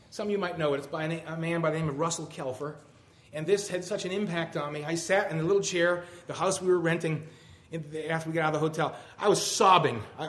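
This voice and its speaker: A middle-aged man preaching a sermon, reading a poem aloud with rising, emphatic delivery. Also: fairly high pitch. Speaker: pastor.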